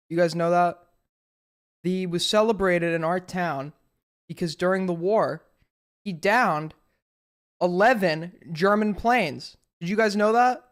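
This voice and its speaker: A man hosting a live stream, telling jokes to his chat with slow, deadpan buildups and asking whether they landed. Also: sits high, smooth. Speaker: streamer host. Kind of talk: casual stream joke-telling.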